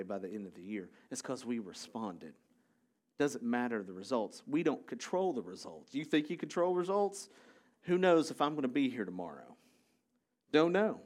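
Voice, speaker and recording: A man's voice: mid-range voice, big pitch swings, moderate pace. A male pastor giving a sermon in a conversational way, explaining ideas step by step with joking asides.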